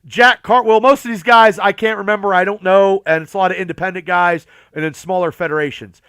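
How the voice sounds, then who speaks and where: Male podcast host, high and smooth voice, dry close sound; reads a long list with blunt, swearing asides. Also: fairly even intonation, fairly quick, a bit bright, dry recording. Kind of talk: casual podcast list reading.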